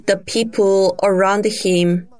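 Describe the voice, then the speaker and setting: A woman preaching a sermon, retelling a Bible story in a deliberate storytelling manner. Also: medium pitch, steady tone. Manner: slow, deliberate storytelling with emphatic raised cries for quoted shouts.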